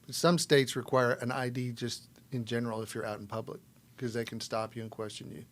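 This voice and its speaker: A man's voice: medium pitch, level tone, fairly quick, fairly bright tone, slight background noise. A man on a podcast panel in casual chat, matter-of-fact and blunt in his asides.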